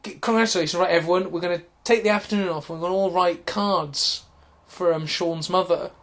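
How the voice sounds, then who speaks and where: A man's voice: high-pitched, fairly even intonation, a little fast, a bit bright. A man putting on the voice of a cheerful male primary school teacher announcing news to his class in an upbeat way.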